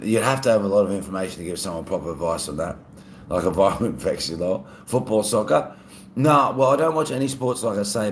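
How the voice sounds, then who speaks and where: A man's voice: low-pitched, reverberant, a little hiss or hum. A man with an Australian accent, chatting casually on a live stream and reading out viewer comments. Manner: relaxed, chatty, laughs often.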